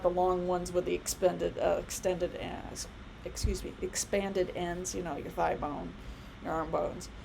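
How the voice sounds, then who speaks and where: A woman's voice: on the low side, creaky, a little mellow, a little hiss or hum, low-quality recording. A woman in her thirties giving a casual biology lecture, chatty and rambling with many fillers and asides. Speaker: college biology instructor.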